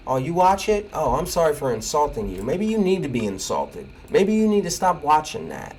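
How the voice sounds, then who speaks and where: A man's voice: a little high, wildly swooping pitch, normal speed, hardly any pauses, a little mellow, slight background noise. A man chatting casually and with opinions over a video game, rambling and laughing at what happens on screen. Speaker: gaming video host. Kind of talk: casual gameplay commentary.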